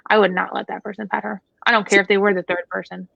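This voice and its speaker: A woman dog trainer talks through a casual Q&A in a frank, joking way. Her voice is gravelly. The recording is dry and a little dull, with a lo-fi edge. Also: mid-range voice, little pitch movement, fast, dry recording. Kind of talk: casual Q&A chat.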